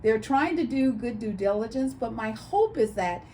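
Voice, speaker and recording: Chatty woman telling animated stories. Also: a little high, moderate pace, a little hiss or hum. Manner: animated storyteller, acts out quoted voices. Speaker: co-host. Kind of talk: casual chat.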